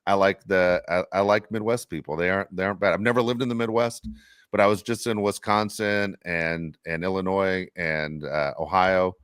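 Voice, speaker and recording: Podcast co-host, middle-aged man, low voice, lively chatty storyteller, dry close mic. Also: normal speed, clear, resonant tone, dry recording. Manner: animated storytelling, laughs often. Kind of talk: casual chat.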